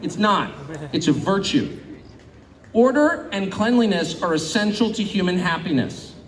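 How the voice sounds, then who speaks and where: A middle-aged man from California gives a public speech to an audience, animated and sarcastic, mocking imagined critics. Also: sits high, measured pace. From California, United States. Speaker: guest speaker. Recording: echoey hall, faint ambience.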